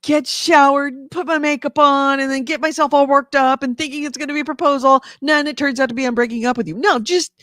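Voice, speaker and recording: A woman co-hosting a casual gaming news podcast, playful and chatty with quick asides. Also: high-pitched, steady tone, a bit bright, no room sound, studio quality. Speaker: co-host.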